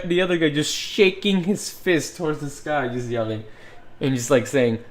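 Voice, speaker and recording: A man's voice: a little high, steady tone, moderate pace, a little hiss or hum. A man chatting casually while working on a livestream, rambling, thinking aloud and laughing often. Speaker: livestreamer modeling in 3D software.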